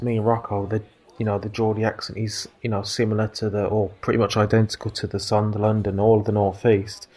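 A man's voice: lowish voice, darkish tone. A man with a Birmingham accent, explaining his views at length in a casual podcast chat. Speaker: podcast co-host.

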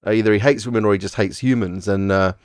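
A man's voice: fairly low pitch, steady tone, quick pace, smooth, dry recording, studio quality. A man co-hosting a casual movie podcast, rambling with stammered restarts. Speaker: podcast co-host.

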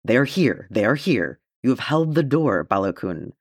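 A man's voice: medium pitch, very animated, moderate pace, slightly rough, no room sound, clean studio sound, pitched above the performer's own voice. A man reading the part of a dwarf lord who calls out urgently.

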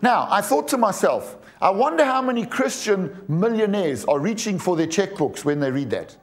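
A man in his forties delivers a sermon in a high voice. He talks emphatically, stumbles over repeated words and keeps asking the congregation questions. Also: very animated, moderate pace. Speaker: preacher.

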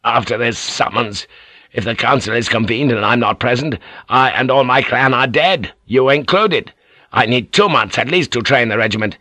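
A proud samurai lord speaks in a commanding, hot-tempered way, as a narrator puts him on. The voice sits a bit high and loud. The sound is dry and close. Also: male voice, no echo. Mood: tense. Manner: commanding, quick to anger. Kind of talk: audiobook character reading.

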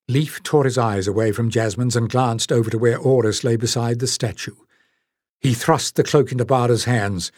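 A man reads a fantasy audiobook in a steady, measured style. His voice sits in a middle range and the recording is close and dry. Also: mid-range voice, dry recording. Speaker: audiobook narrator. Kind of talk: scripted narration.

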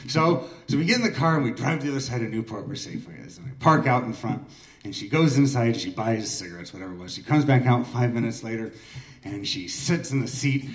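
A man in his forties from Oregon, hosting an open mic and telling a casual, self-deprecating personal story with plenty of swearing. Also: mid-range voice. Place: small art gallery room. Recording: echoey room, mic far off.

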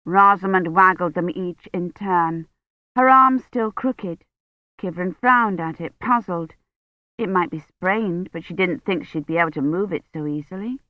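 A woman narrating an audiobook in a measured, even storytelling manner. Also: lowish voice, no room sound. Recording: dull dry recording.

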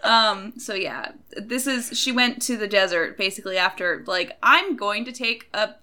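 A woman in casual conversation about a novel, slow and relaxed, laughing along. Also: mid-range voice. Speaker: podcast co-host. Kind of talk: casual book discussion.

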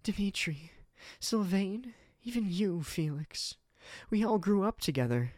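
Casting: man doing a high, wounded young woman knight, pleading, storybook reading. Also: expressive, measured pace, a little mellow, dry recording, clean studio sound. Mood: anguished.

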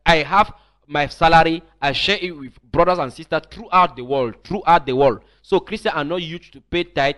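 A male preacher gives an online teaching sermon at a moderate pace, his voice slightly raised in pitch and a bit bright. He speaks emphatically, repeating words and restarting phrases as he builds his points.

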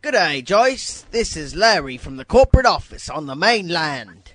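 A man's voice: on the high side, sing-song, normal speed, fairly bright tone, dry recording, pitched above the performer's own voice. A man putting on a pompous fake British exec. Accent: put-on British.

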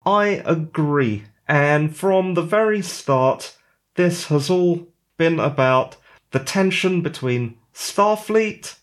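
A man's voice: a little high, expressive, slow pace. A man hosting a solo podcast, giving opinionated, conversational commentary with rhetorical questions. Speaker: podcast host.

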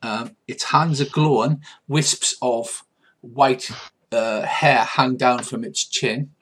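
A man's voice: mid-range voice, takes it slowly, a bit bright, husky. A man as game master, narrating a tabletop role-playing scene with frequent hesitations and fillers. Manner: hesitant, full of fillers while describing.

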